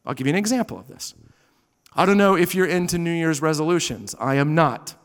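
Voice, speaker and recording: Man in his thirties, pastor, high voice, animated sermon, big-hall reverb. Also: a little fast. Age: 30s. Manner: animated preaching, swings from loud emphasis to hushed asides. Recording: long reverb of a large hall.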